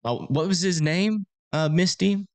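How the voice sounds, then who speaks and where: With a high-pitched, somewhat mellow voice and a slightly slow pace, a man in his thirties hosts a casual storm-chasing livestream. There's no echo. He chats with viewers, pokes fun at himself, and reads out donations.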